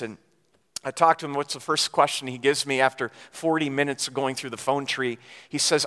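Bright high-voiced man preaching in a hall. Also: fairly quick. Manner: conversational storytelling with frequent restarts. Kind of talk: sermon with personal story.

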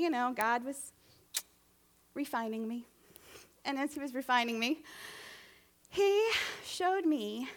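Casting: high-pitched woman, lay preacher, chatty and animated, keeps checking in with the congregation. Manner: conversational, animated, asks the audience questions. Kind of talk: sermon.

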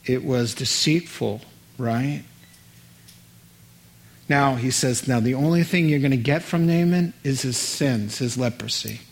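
A man's voice: medium pitch, unhurried. A male preacher delivering a sermon in an earnest, emphatic way, acting out scenes from a Bible story.

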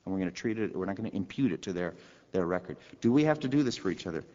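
A man's voice: deep voice, expressive, very fast, dark tone, in a large hall, lo-fi sound. A pastor preaching a sermon in a conversational way, asking his listeners rhetorical questions.

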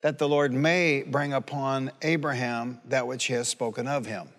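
A pastor in his sixties preaches in a folksy, conversational way, stopping to toss questions out to his congregation. His voice sits at an ordinary pitch for a man. It rings with the long reverb of a large hall. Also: fairly even intonation, moderate pace, fairly bright tone. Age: 60s. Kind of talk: sermon. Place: church sanctuary.

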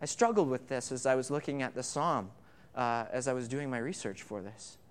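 A man's voice: mid-range voice, a little fast, clean tone. Conversational male pastor preaching. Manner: conversational, repeats words when starting phrases. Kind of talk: sermon with congregation interaction. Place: church sanctuary.

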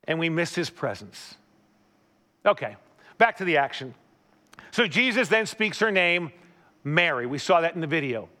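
A man preaching a conversational sermon, retelling a story with animated asides and questions to the listener. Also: on the high side, moderate pace, pauses often. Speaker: pastor.

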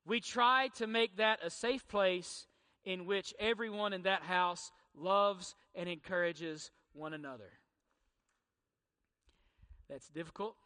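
Middle-aged man, emphatic preaching, high voice, church hall reverb. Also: sharp tone. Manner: emphatic preaching with rhetorical questions and repetition. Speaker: pastor. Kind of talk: sermon.

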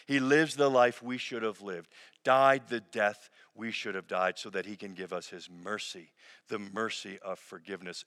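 A man preaching a sermon as a pastor, earnest, slowing and softening on key phrases. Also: fairly low pitch. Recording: long reverb of a large hall.

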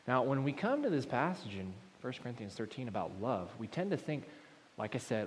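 A man preaching a sermon to a congregation, moving between loud emphatic points and quiet, low asides. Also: sing-song, brisk, a little hiss or hum. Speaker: pastor. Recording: long hall reverb.

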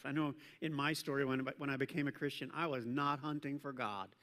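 A man preaching a sermon to a congregation, talking conversationally and joking with the room, swinging between loud emphasis and hushed intensity. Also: mid-range voice, steady tone, fairly quick, few pauses. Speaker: pastor. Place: church service with a congregation. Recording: long church reverb.

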